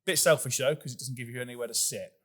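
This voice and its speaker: A man's voice: medium pitch, fast, a bit bright. A young man co-hosting a podcast, rambling through crude, sweary stories and laughing often. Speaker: podcast co-host. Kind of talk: crude casual banter.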